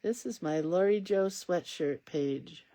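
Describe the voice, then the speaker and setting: A woman's voice: on the low side, takes it slowly, warm tone, no room sound. A woman hosting a casual crafting stream, chatting in a rambling way and reading out viewer comments as she works. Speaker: craft livestream host. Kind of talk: casual chat while crafting.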